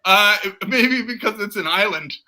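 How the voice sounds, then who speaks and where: A man's voice: high-pitched, lively intonation, moderate pace, pushed and bright, a little hiss or hum, low-quality recording. A man from Canada, a comedy writer guest on a video call, speaking in a wry, offhand way.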